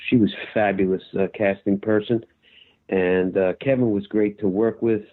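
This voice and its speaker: An older actor telling a lively anecdote in an interview, acting out his own shouting as he goes. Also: on the low side, moderate pace. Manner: animated storyteller, acts out his own shouting. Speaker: actor guest. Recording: tinny phone-like line.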